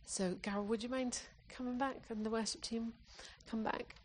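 A woman's voice: on the high side, steady tone, moderate pace, slight background noise. A woman preacher from England giving an earnest sermon, often restarting her phrases as she exhorts the congregation.

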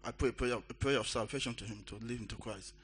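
Male church member testifying; halting retelling; faint background hum. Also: medium pitch, fairly bright tone.

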